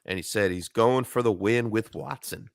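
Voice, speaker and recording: A man's voice: fairly low pitch, normal speed, gravelly, dry recording. A man co-hosting a live fantasy football advice show, upbeat, reading listener questions aloud. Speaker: podcast co-host.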